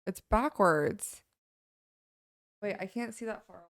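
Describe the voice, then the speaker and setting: A woman's voice: medium pitch, takes it slowly, dry recording, clean studio sound. A young woman co-hosting a podcast in casual chat, with a blunt, teasing manner. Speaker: podcast co-host.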